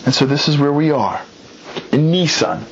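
A man casually retelling a story, bringing the quoted characters to life with changes in pitch and pace. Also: normal speed, lo-fi sound, a little hiss or hum. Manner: lively, acts out quotes with shifting pitch and pace.

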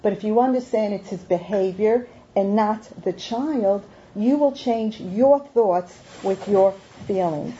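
Talking to parents, a school IQ tester stresses her key points, repeating them and posing rhetorical questions. She speaks at a measured pace with hardly any pauses, in a medium-pitched, dark-toned voice; the lo-fi recording sounds dull with faint noise.

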